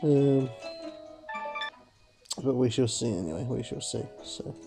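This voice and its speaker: A man's voice: mid-range voice, lively intonation, takes it slowly, vocal fry, music in the background, rough recording. A man hosting a slot game video, rambling casually to viewers with lots of "sort of" fillers and calling them folks. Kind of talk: casual gameplay commentary.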